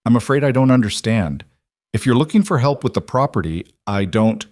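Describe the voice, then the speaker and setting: A man reading the part of a young mother with a quiet, restrained, dignified manner. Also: medium pitch, expressive, fairly quick, lightly acted. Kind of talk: storybook reading.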